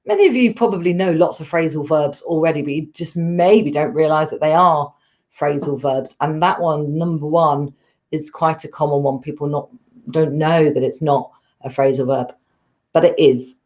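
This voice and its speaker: A woman's voice: sits low, moderate pace, darkish tone, lo-fi sound. A woman teaching a live online English lesson, patient and encouraging as she explains step by step.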